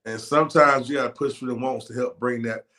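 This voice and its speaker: A man's voice: mid-range voice, fairly even intonation, quick pace, sharp tone. A man hosting an interview, laid-back and rambling with slang. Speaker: host. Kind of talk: casual interview chat.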